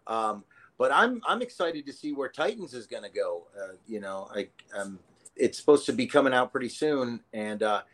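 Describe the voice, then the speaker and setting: A man's voice: mid-range voice, big pitch swings, moderate pace, a bit bright. A man chatting casually as a guest, rambling with many fillers. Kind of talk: casual chat.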